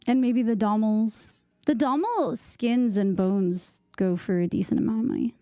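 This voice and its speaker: A young woman chats casually while she plays, her thoughts wandering and her sentences full of "like." Her voice sits fairly high with a soft, mellow tone. The sound is dry and close, like a desk mic. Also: moderate pace, no room sound, soft background music. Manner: rambling, distracted, filler-heavy with "like". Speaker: gaming streamer. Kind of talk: casual gameplay chat.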